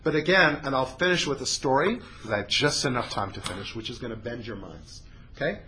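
Male preacher, lively storyteller, bright voice, faint room noise. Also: a little fast, low-quality recording. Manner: animated, rising to loud emphasis then dropping low for quoted dialogue. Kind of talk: sermon storytelling.

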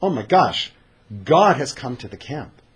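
A man's voice: medium pitch, very animated, unhurried, slightly rough, muffled recording, heavily acted. A man voicing a panicked group of ancient soldiers in casual, modern slang.

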